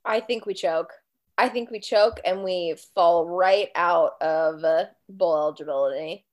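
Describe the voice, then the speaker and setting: A woman's voice: lowish voice, unhurried. A woman guest on a podcast, chatting casually and bluntly about her college football team. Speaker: guest fan.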